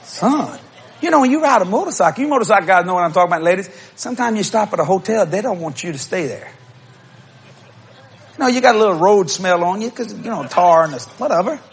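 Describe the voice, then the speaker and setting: A middle-aged male preacher with a notably high voice, telling funny stories from the pulpit. His pitch leaps all over as he acts out the people in his tales, breaking into shouts and laughs along the way. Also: quick pace. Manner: animated, acts out quotes, bursts into shouts and laughter. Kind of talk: humorous storytelling sermon.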